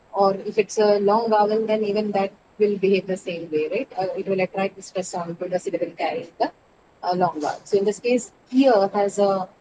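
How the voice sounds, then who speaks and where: A woman's voice: medium pitch, background noise. A woman teaching an English class, explaining word stress step by step, spelling out letters and asking her students questions.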